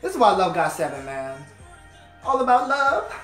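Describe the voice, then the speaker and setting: A man's voice: high voice, wildly swooping pitch, normal speed, a bit bright, echoey room. A man hosting a music video reaction, gushing and playful as he comments. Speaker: host of a music reaction channel.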